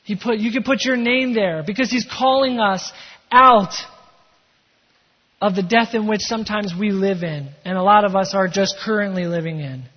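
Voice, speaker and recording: Male pastor, high husky voice, emphatic sermon delivery, echoing church hall, dull sound. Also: fairly quick, few pauses. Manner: emphatic preaching with shifts between energy and hushed calm. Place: church sanctuary.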